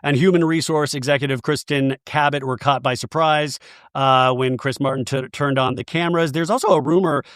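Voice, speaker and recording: A man's voice: medium pitch, fairly even intonation, fairly quick, fairly bright tone, dry recording, clean studio sound. A man hosting a podcast, chatting casually about pop culture and acting out quotes as he goes. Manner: chatty, swears, acts out quotes. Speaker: podcast host.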